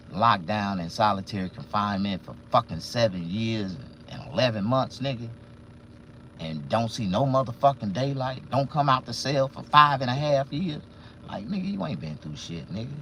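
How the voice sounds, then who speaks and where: Animated, profane man ranting in a car. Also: normal speed, slight background noise. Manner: animated, profane, swings between loud outbursts and low muttering. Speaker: vlogger and barber. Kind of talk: casual live-stream rant.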